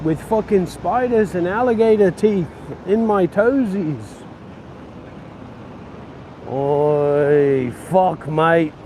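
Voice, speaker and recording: A man's voice: high voice, extremely slow, long pauses, dark tone, low-quality recording. A man playing a drunk, foul-mouthed, belligerent bloke who speaks, slurring and rambling out in the street. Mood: frustrated. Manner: slurred, swearing, rambling threats. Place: street outdoors. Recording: outdoor street traffic noise.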